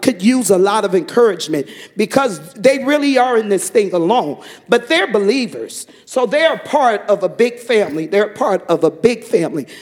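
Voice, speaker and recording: Very high-voiced man preaching fervently. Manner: fervent storytelling with preacher-style praise shouts. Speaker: church speaker giving a testimony. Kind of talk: preaching testimony to a congregation.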